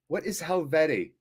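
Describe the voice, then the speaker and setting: A man's voice: fairly high pitch, breathy edge. A man hosting a live fan watchalong, reading viewers' chat aloud with jokey swearing and a weary, deflated tone.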